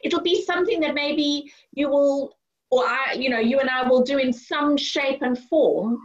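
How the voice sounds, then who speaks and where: A woman hosting an interview over a video call, encouraging and asking gentle questions. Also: high voice, moderate pace, dull audio. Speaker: interview host. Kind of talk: conversational interview.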